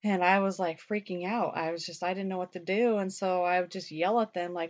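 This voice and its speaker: A young woman co-hosts a podcast talk show, rambling through casual chat peppered with "like" and the occasional mild swear word. Her voice sits on the low side with a steady tone, and she talks a little fast. The recording is dull and lo-fi.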